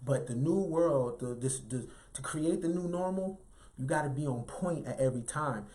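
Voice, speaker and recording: Animated man with a light, youthful voice. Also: on the high side, moderate pace. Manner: animated, emphatic, repeats "right?" often. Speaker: motivational speaker. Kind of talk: motivational talk.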